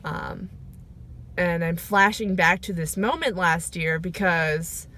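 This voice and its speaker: A woman recording a personal video diary, talking reflectively and emotionally, pausing often with fillers as she goes. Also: lowish voice, pushed and bright. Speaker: vlogger. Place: sitting in her car. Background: rain.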